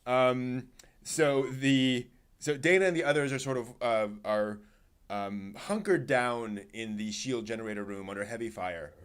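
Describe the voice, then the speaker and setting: A man's voice: medium pitch, a little slow, clean tone. A man hosting a casual anime discussion podcast, retelling a scene with lots of fillers and acting out the characters' lines. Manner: animated storyteller, acts out quotes. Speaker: podcast host.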